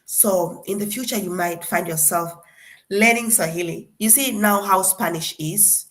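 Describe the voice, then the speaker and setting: A young woman from Tanzania giving a casual classroom lesson. She drills each word slowly and deliberately, and keeps a playful, chatty manner. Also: mid-range voice, fairly bright tone. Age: young adult. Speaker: guest lecturer.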